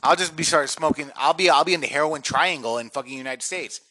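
A man co-hosting a podcast, chatting casually and telling stories in a loud, joking, profane way. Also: a little high, fast talker, crowd noise. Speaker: podcast co-host. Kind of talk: casual crude chat.

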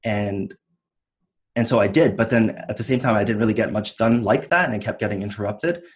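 A man's voice: on the low side, brisk. A man in his thirties, an entrepreneur as guest, talking casually and reflectively, with frequent small laughs. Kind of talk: casual chat.

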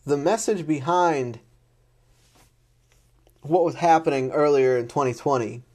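Slow, blunt, swearing man ranting. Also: on the high side, darkish tone. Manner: blunt, heavy swearing, repetitive; frustrated and exasperated. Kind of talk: unscripted political rant.

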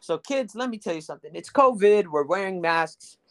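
A young man from South Texas rambles through a crude anecdote for his podcast. His voice sits a touch higher than most men's. He fills the gaps with ums and asides, and he jokes at his own expense. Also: animated, a little fast, fairly bright tone, a little hiss or hum. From Rio Grande Valley, Texas. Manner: rambling, crude, joking, full of fillers. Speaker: podcast host. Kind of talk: casual storytelling podcast.

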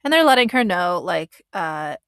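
A woman's voice: lowish voice, big pitch swings, moderate pace, a bit bright, dry recording. Earnest rambling woman, dry close sound. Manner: earnest, rambling, with many restarts and fillers. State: getting emotional. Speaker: commentator reacting to a reality show. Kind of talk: casual spoken commentary.

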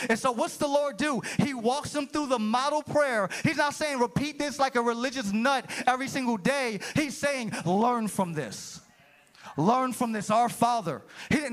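A man's voice: high voice, fairly bright tone. A man pastor preaching an impassioned sermon to a church congregation, calling out to the room. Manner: impassioned preaching, calls to the room, rising and falling. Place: church sanctuary.

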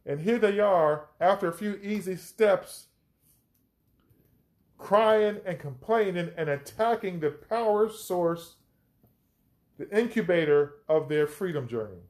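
Slow, emphatic man teaching scripture. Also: high-pitched, lively intonation, a little mellow. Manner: emphatic and reflective, reading scripture aloud and commenting. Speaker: podcast host and Bible teacher. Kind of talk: conversational Bible teaching.

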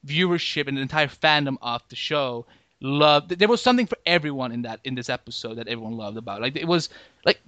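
A man's voice: mid-range voice, animated, quick pace, sharp tone, no echo, highs cut off. A man hosting a podcast in casual chat, rambling along with frequent "like" and restarts. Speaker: podcast host.

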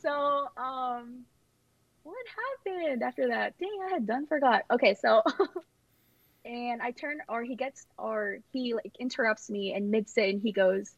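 A woman's voice: a little high, a little slow, dry recording. A young woman chatting casually and rambling through her engagement story, with lots of fillers and giggles. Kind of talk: casual chat. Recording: dull lo-fi sound.

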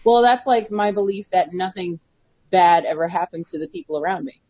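A woman's voice: medium pitch, brisk, darkish tone, husky, no room sound, lo-fi sound. A woman co-hosting a casual talk show, chatting candidly, telling stories and laughing easily. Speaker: podcast co-host. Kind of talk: casual chat.

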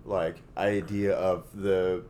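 A man's voice: low voice, level tone, slow pace, darkish tone, slight background noise. A man co-hosting a podcast in casual chat, profane and opinionated, speeding up when he rants. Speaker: podcast co-host.

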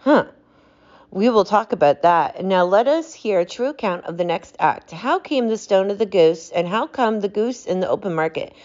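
A woman reading aloud, voicing a calm, stern male detective who speaks with cutting precision. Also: medium pitch, normal speed, dull audio, close to an everyday voice. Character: cool, commanding male detective.

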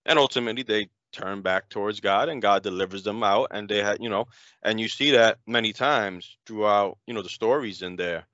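A man's voice: fairly low pitch, normal speed, sharp tone, no room sound, muffled recording. A man in a casual conversation, musing in a rambling, reflective way and often saying "you know".

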